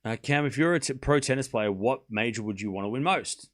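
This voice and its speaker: A man's voice: mid-range voice, a bit bright. Man calling tennis live. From Australia. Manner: calls each shot in quick running bursts, then chats casually with viewers. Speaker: stream host and tennis commentator. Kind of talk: live play-by-play tennis commentary on a stream.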